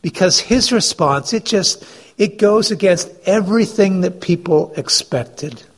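A man preaching in a storytelling way, slightly high and husky. He pulls his listeners into the scene and poses questions to them. The tone is that of a pastor speaking to his congregation. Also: lively intonation, a little slow. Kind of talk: sermon.

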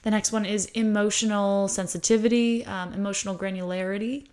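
An American woman explaining a topic in a casual monologue, animated and given to acting out quoted voices. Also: brisk. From United States. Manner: animated, acts out quoted voices with pitch jumps. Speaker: host talking about high sensitivity.

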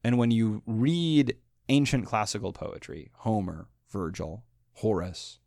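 A man teaching a lecture on poetry, animated and emphatic, who chants the rhythms of the lines aloud. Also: fairly low pitch, slow pace, dry recording, clean studio sound.

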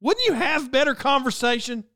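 A very high-pitched man with big pitch swings and a bright, forceful tone hosts a podcast at normal speed. His solo monologue is a digressive, self-interrupting rant about small things, recorded dry with clean studio sound.

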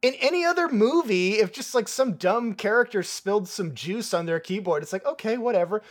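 A young man co-hosting a casual movie review podcast, excitable, laughing often and swearing casually. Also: high-pitched, moderate pace. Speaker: podcast co-host.

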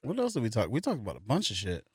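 A man's voice: fairly low pitch, huge pitch swings, racing, a little mellow, husky, dry recording, clean studio sound. A man in casual podcast chat who talks in an emphatic, slangy way.

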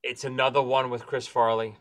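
Bright, emphatic man chatting. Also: mid-range voice, flat delivery, fairly quick. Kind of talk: casual chat.

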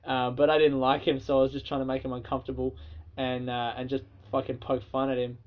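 A man's voice: mid-range voice, flat delivery, fast, highs cut off. An Australian man hosting his own podcast, telling stories in a loose, profane, casual way and laughing through them. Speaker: podcast host. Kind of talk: casual solo storytelling.

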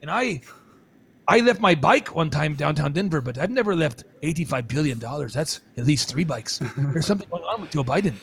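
A man with a notably high voice talks as a guest on a podcast. He rambles from point to point and jokes a lot. He restarts his sentences emphatically. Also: animated, brisk, gravelly, a bit bright, slight background noise. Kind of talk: excited podcast interview talk.

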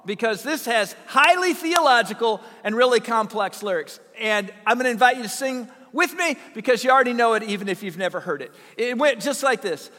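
High bright-voiced pastor, folksy funny sermon stories, big echoey church. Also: male voice, lively intonation, fairly quick, hardly any pauses. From Southern Illinois. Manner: folksy, humorous storytelling with a congregation. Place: church sanctuary.

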